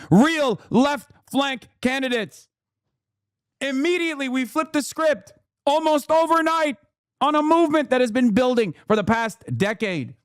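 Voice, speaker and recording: Sharp-voiced man ranting on stream. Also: extremely high pitch, no room sound, studio quality. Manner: loud, profane, mocking, bursts of shouting. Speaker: political streamer reacting to clips. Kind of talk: ranting live-stream commentary.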